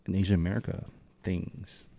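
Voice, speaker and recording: A man's voice: deep voice, level tone, normal speed, creaky, warm tone, no room sound. A man co-hosting a podcast in casual chat, easygoing and laughing often. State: tired. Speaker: podcast co-host.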